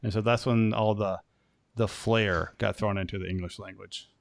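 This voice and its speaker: Rambling American podcast host, dry sound. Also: male voice, on the low side, fairly even intonation, moderate pace, vocal fry, no room sound. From United States. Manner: rambling, many restarts and fillers. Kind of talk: casual chat.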